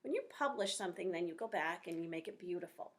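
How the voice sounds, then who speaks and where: A woman teaching a phonics lesson to young children, talking slowly and clearly in an encouraging way. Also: on the low side, animated.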